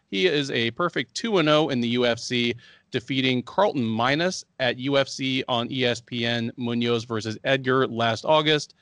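A man co-hosting a sports podcast, reading a fight preview full of records and betting odds in a measured way. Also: medium pitch, a bit bright, dry recording, studio quality. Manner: measured, stat-heavy delivery. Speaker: co-host.

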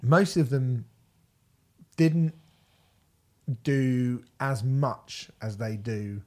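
A man co-hosting a music podcast in relaxed, casual conversation. He talks with plenty of enthusiasm, often stops and restarts his sentences, and swears freely when praising a record. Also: mid-range voice, very slow. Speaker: podcast co-host. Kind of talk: casual music review chat.

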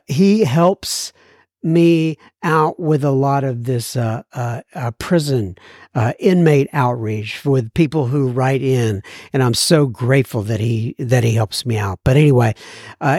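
A man's voice: mid-range voice, darkish tone, no echo, studio quality. A man hosting a podcast, reading listener emails in a casual, earnest way, laughing often and using plenty of fillers. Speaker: podcast host.

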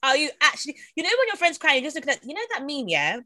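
A young woman chats as a podcast co-host, her voice bright and sharp. Her pitch runs high and swings widely as she acts out quotes and laughs along. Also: wildly swooping pitch, racing. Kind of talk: casual chat.

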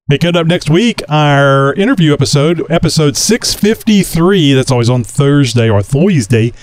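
A man hosting a casual podcast, chatty and quick to laugh. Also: on the high side, animated. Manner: laughs easily, loose and chatty. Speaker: podcast host.

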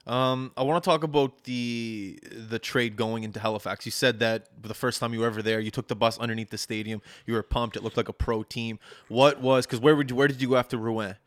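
A man's voice: medium pitch, fairly even intonation, a little fast, few pauses, fairly bright tone, no echo, clean studio sound. A man hosting a podcast, asking curious questions with short interjections in a casual interview. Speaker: podcast host.

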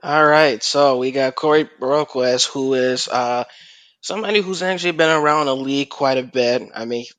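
A man reporting on a casual sports panel, measured and heavy with fillers. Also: medium pitch, a bit bright, no room sound.

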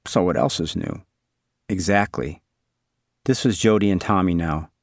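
A man with a low voice reads a literary story aloud, measured and wry, as if following a character's thoughts. The recording is close and dry, with no room sound. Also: creaky, no room sound. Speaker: narrator. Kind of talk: scripted literary narration.

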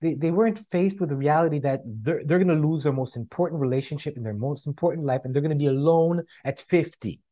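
A man speaking as a life coach on a podcast, emphatic and repetitive, slowing down to stress his key points. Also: on the high side, mellow. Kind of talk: motivational podcast talk.

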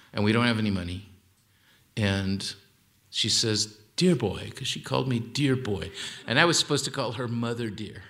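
Older guy from mexico telling a room his family stories, lively, jumps way up in pitch for the funny parts. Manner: animated storyteller, pitch leaps on punchlines. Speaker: author giving a talk. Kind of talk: storytelling talk to an audience.

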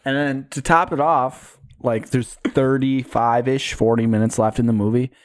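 A young man, co-hosting a podcast, telling stories in a casual, animated way. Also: mid-range voice, normal speed, no room sound, studio quality. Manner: storytelling, animated retelling with put-on quotes. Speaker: podcast co-host. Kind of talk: casual chat.

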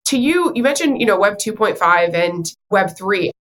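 A woman's voice: medium pitch, expressive, normal speed, fairly bright tone. A woman co-hosting a podcast, asking questions in an enthusiastic, complimentary way. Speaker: podcast co-host. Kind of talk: interview questions.

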